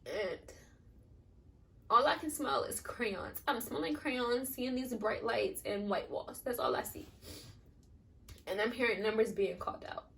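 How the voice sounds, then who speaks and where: A woman's voice: fairly high pitch, unhurried, creaky, pauses often, a bit bright, distant mic. A young woman telling a personal story in a rambling, chatty way, leaning on "like" a lot. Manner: chatty, rambling, leans on filler "like". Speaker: new mother vlogger. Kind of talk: casual storytelling.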